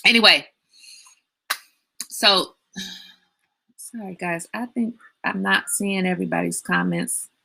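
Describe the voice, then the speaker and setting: A woman's voice: on the low side, vocal fry, pushed and bright. A woman hosting a casual livestream, chatting and telling stories with lots of animation and laughter. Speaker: livestream host. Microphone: webcam or phone on a live stream.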